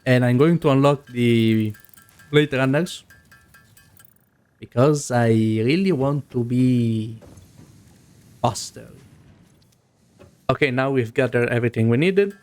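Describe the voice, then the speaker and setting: A man's voice: mid-range voice, takes it slowly, pauses often, darkish tone, faint music behind. A young man, not a native English speaker, giving casual gameplay commentary and thinking aloud with many fillers. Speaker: gaming video host.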